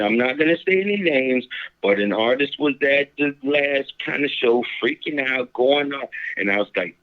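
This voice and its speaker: A man's voice: medium pitch, animated, moderate pace. Easygoing man on dull radio audio. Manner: candid, easygoing, laughs along. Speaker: interview guest. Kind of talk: casual radio interview.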